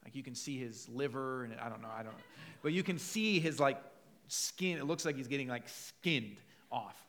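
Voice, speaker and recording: A man's voice: medium pitch, moderate pace, a bit bright. A conversational male preacher. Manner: conversational preaching, acts out quoted voices, storytelling asides. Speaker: pastor. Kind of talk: sermon.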